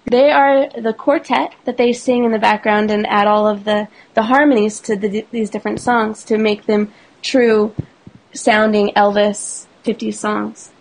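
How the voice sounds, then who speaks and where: Chatty woman with a creaky voice. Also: medium pitch, little pitch movement, measured pace, rough recording. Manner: enthusiastic, chatty, explains with lists. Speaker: podcast co-host. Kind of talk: casual podcast chat.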